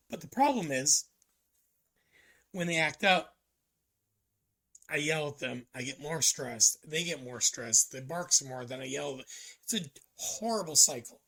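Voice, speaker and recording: Gravelly, raspy man musing aloud. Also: a little high, animated, sharp tone. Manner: halting, reflective, many ums and restarts. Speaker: vlogger. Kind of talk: casual personal vlog monologue.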